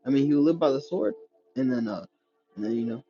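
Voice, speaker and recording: A man's voice: mid-range voice, animated, fast talker, lo-fi sound, faint music behind. A man reading scripture aloud with stumbles and restarts, then breaking into slangy street-style commentary as a preacher. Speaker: scripture teacher.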